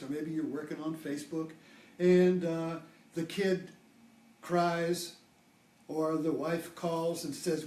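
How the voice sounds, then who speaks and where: This is an older man giving a loose spiritual talk, his warm, fairly high voice recorded from a distance in a roomy space. As a spiritual teacher he rambles, restarting sentences often and leaning on fillers.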